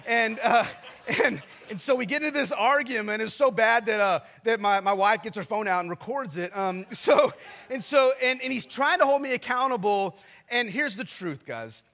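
A man's voice: high-pitched, lively intonation, moderate pace, bright, forceful tone. A man in his forties, a pastor preaching a sermon in a chatty, self-deprecating storytelling manner with asides to the congregation. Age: 40s.

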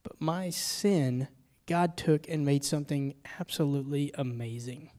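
A middle-aged man preaching a sermon, telling personal stories and moving between hushed, confessional moments and loud, urgent ones. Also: a little high, fairly even intonation, a little slow.

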